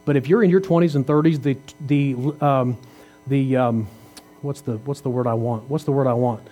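With a mellow, medium-pitched voice at a normal speed, a man in his fifties preaches conversationally. He poses rhetorical questions and pokes fun at the congregation as he goes.

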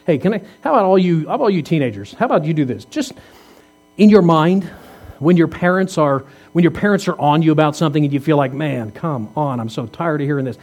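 This pastor, a man in his fifties, speaks fast and animatedly in a somewhat high, slightly mellow voice. His sermon feels like a conversation, with rhetorical questions and playful teasing of the congregation.

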